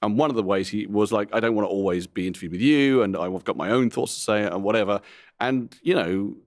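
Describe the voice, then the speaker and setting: Frank, rambling middle-aged man, low voice. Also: dry recording, studio quality. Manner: frank, rambling, self-deprecating, quick to laugh. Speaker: comedian guest. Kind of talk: candid interview talk.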